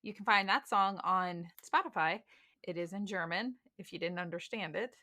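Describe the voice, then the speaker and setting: A woman's voice: lowish voice, normal speed, sharp tone. A woman with a Southern US accent hosting a true crime podcast, telling the case in a blunt, joking way full of folksy slang. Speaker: podcast host, case narrator.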